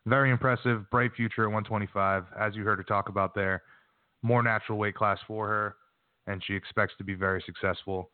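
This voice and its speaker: A male show host with a lowish voice who talks in a loose, rambling way and often restarts his sentences. The sound is tinny and phone-like, and it is completely dry. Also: no echo. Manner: chatty, rambling, self-correcting. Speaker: podcast host. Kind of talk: casual chat.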